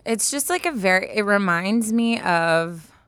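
A woman's voice: mid-range voice, expressive, a little slow, fairly bright tone, clean tone, dry recording, studio quality. A young woman co-hosting a podcast who chats casually, filling her talk with "like" and giggling often. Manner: bubbly, giggly, fillers like "like". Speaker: podcast co-host. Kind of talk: casual chat.

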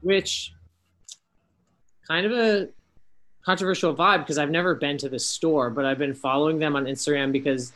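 A man's voice: on the high side, normal speed, pauses often, fairly bright tone. A man co-hosting a podcast in casual chat over a video call, rambling with fillers and restarts. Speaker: podcast co-host.

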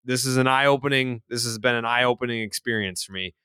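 A man's voice: mid-range voice, a little fast, bright, forceful tone, smooth, dry recording, studio quality. A young man co-hosting a sports podcast in casual, rambling, profane banter, often laughing. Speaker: podcast co-host.

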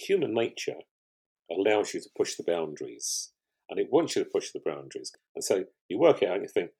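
An older man talks as a podcast guest, and his voice sits very low with a husky grain to it. He tells his stories in a loose, rambling way, often restarting his sentences. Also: big pitch swings, a little fast. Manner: rambling, warm storytelling with frequent restarts. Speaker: guest, pottery show finalist. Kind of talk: conversational podcast interview.

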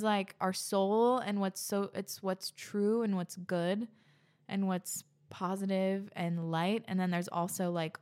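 A young woman hosting a podcast, reading listener messages and reacting in a gushing, chatty way, often out of breath. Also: medium pitch. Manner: gushing, chatty, many fillers. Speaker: podcast host.

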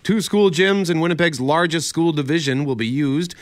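A man co-hosting a morning radio show, relaxed and chatty, laughing easily. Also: a little high, moderate pace, dry recording. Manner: easygoing, hesitant with fillers, laughs. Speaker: radio co-host. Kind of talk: casual morning radio chat. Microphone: studio microphone.

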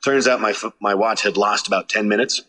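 A man casually telling a road story from a tour, animated and swearing, acting out his own shouts. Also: fairly low pitch, a little fast. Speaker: touring musician.

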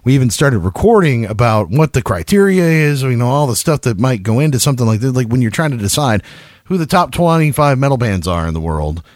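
A man co-hosting a podcast in casual chat, animated and rambling, laughing often. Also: medium pitch, brisk, no room sound, studio quality. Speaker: podcast co-host.

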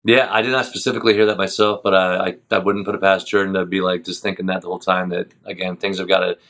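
A man's voice: sits low, fast talker. A middle-aged man, a band's singer, chatting casually as an interview guest and telling stories with easy laughs. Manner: relaxed storytelling, laughs easily. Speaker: band vocalist, guest.

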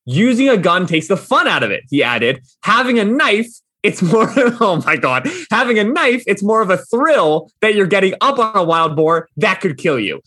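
A man co-hosting a sports talk show who reads quotes aloud with emphatic, joking delivery. His voice is bright and fairly high, and it swings a lot. The sound is close and dry. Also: very animated, normal speed, hardly any pauses, no echo. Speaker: podcast co-host. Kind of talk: casual chat.

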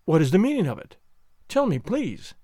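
A man's voice: high voice, wildly swooping pitch, normal speed, warm tone, no room sound, clean studio sound, full character voice. A man voicing a fussy, anxious middle-aged schoolmaster who talks in a prim, mournful way. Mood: shocked.

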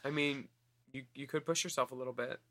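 A man's voice: mid-range voice, fairly even intonation, brisk, sharp tone, slight background noise. A man co-hosting a podcast with crude, sardonic jokes in casual banter. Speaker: podcast co-host.

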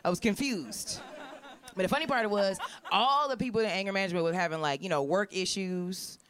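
A woman's voice: mid-range voice, fairly quick, a bit bright. A woman doing stand-up comedy, brash and profane, laughing often at her own stories.

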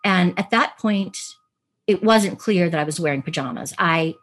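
Woman actress chatting on a podcast, animated, laughs a lot, acts out what people said. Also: fairly low pitch, normal speed. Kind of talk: casual interview storytelling.

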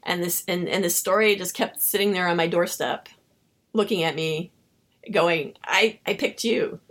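A woman novelist being interviewed, telling stories in an animated way and acting out her own dialogue. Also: fairly low pitch, moderate pace. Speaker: novelist guest. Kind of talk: casual interview storytelling.

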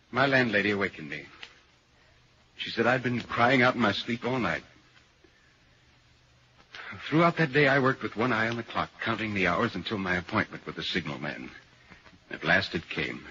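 An actor narrating an old radio drama as a calm, skeptical visitor, telling the story in measured tones and asking level-headed questions. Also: male voice, lowish voice, a little hiss or hum. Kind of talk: 1940s radio acting. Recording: dull old radio recording.

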